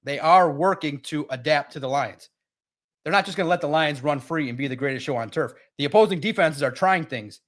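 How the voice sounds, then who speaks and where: A man hosting a live sports stream addresses his chat viewers directly, casual and energetic, in a fairly high voice that moves fairly quickly.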